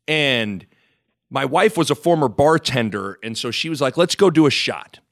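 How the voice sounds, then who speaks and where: A man hosting a podcast, telling stories in a casual, animated way and laughing often. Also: mid-range voice, moderate pace, vocal fry, no echo, studio quality. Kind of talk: casual podcast chat, storytelling.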